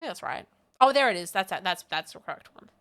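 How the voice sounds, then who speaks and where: A woman's voice: medium pitch, expressive, brisk, a bit bright, clear, resonant tone. A woman chatting candidly on a live stream, rambling and self-deprecating with frequent laughs. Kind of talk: casual live-stream chat.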